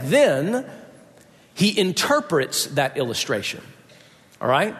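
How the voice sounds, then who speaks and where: High-voiced pastor in a reverberant hall. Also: male voice. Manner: conversational storytelling, asks the congregation "right?". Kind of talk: sermon.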